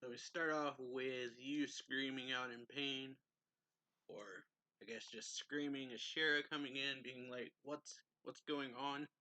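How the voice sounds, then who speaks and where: A man's voice: medium pitch, sharp tone, no echo, rough recording. A man casually reviewing a manga chapter, recapping the plot in a rambling way, chuckling often and using lots of fillers.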